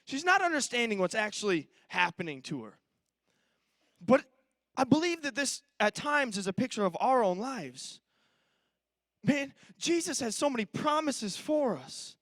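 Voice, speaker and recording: A man's voice: very high-pitched, very animated, unhurried, a bit bright, dry recording. A man preaching a sermon as pastor, emphatic and repetitive, stumbling into restarts as he builds his point.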